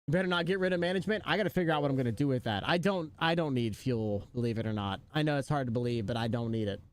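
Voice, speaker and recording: A man's voice: mid-range voice, very fast. A man live streaming, chatting casually and joking with his viewers, laughing often.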